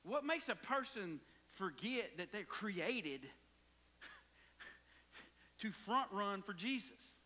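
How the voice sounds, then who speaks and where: Man, pastor, sermon, high voice, bright tone, whispers and hollers. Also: very animated, drawn-out words, pauses often, in a large hall. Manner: dramatic preaching, swinging from hushed whispers to hollering.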